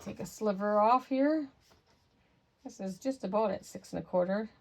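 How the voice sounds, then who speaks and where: Woman, craft tutorial host, gravelly, voice a bit worn, casual instruction, murmurs while working. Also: mid-range voice, normal speed, slight background noise. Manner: talks while working with hands, trailing off, murmuring to herself. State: slightly losing her voice.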